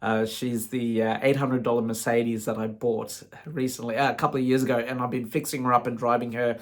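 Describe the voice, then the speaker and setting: Frank, rambling man, mid-pitched. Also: flat delivery, brisk. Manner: frank, rambling, peppered with "you know". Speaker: vlogger. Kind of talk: casual storytelling monologue.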